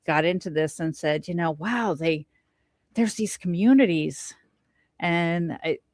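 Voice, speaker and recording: Middle-aged lady telling her story on a podcast call, kinda low voice, dead dry sound, acts out the voices. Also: dry recording. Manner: animated storyteller, acts out quoted lines. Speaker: podcast guest. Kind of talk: casual storytelling interview.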